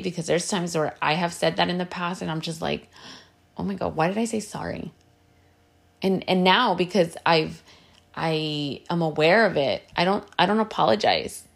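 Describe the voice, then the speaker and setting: Earnest woman with a gravelly low voice. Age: adult with a partner and kids. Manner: earnest, direct, coaching tone; slips into Spanish phrases. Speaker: podcast host giving advice. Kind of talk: casual advice talk.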